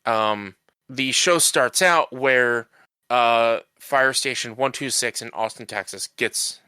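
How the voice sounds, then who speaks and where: A man co-hosting a casual podcast, recapping a show in a rambling way full of fillers and restarts. His voice is bright and crisp, recorded close and dry. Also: mid-range voice, takes it slowly, no echo. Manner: rambling recap with many fillers and restarts, acting out quoted lines. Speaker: podcast co-host. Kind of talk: casual chat.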